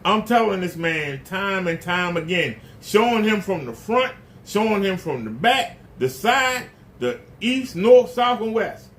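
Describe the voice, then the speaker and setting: A man's voice: sits high, lively intonation, a little slow, fairly bright tone, slight background noise. A man hosting his own channel, ranting indignantly to the camera with repeated rhetorical questions. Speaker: YouTube channel host. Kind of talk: casual rant to camera.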